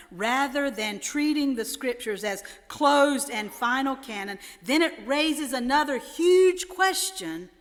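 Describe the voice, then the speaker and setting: Slow-preaching woman in a reverberant church. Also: fairly high pitch. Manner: measured preaching with rising emphasis on quotes. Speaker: pastor. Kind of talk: sermon. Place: large church sanctuary.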